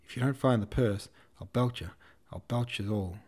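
A man voicing a hot-tempered male hussar officer who lisps, blusters and curses as he shouts. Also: mid-range voice, normal speed, lightly acted. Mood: furious. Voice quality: lisping.

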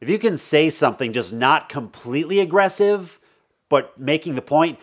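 A man's voice: fairly high pitch, lively intonation, moderate pace. A man co-hosting a casual podcast chat, telling a story in a laid-back way and laughing easily. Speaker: podcast co-host.

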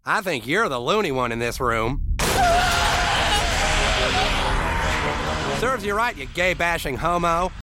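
A man voicing a defensive middle-aged male teacher in a cartoon, indignant and quick to snap back. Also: fairly high pitch, lively intonation, noisy background, natural voice. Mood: scornful. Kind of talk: animated cartoon voice acting.

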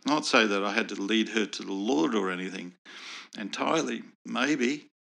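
A man's voice: lowish voice, normal speed, gravelly, pushed and bright. A man earnestly telling a personal faith story as a guest in a conversational interview. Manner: earnest, reflective. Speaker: guest sharing personal testimony.

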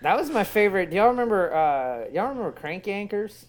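A man on a podcast telling a story in quick bursts and acting out the voices. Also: high-pitched, faint music behind. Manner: animated, rushing story, acts out voices. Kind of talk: casual storytelling.

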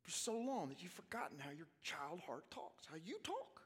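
A man giving an energetic sermon to young people, swinging between hushed asides and loud bursts as he acts out quotes. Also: on the high side, moderate pace, breathy edge. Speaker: youth conference speaker. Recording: long hall reverb.

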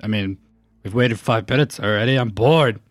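A man's voice: on the low side, normal speed, no echo, faint music behind. Laid-back man playing a tabletop game. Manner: relaxed, hesitant, with frequent fillers. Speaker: player. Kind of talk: casual tabletop role-play.

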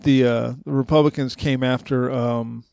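A man co-hosting a podcast in casual chat, an animated storyteller who laughs often and swears freely. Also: medium pitch, normal speed, vocal fry, clear, resonant tone, no echo, studio quality. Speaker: podcast co-host.

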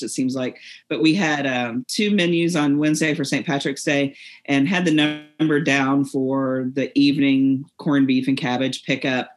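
A woman co-hosting a recovery podcast, reflective and storytelling, laughing often. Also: a bass voice. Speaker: podcast co-host. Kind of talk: casual chat about recovery.

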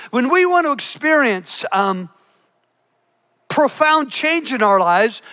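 A man's voice: extremely high pitch, bright, forceful tone. A middle-aged man preaching a sermon as pastor, fervent and restarting his words often. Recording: church hall with long reverb.

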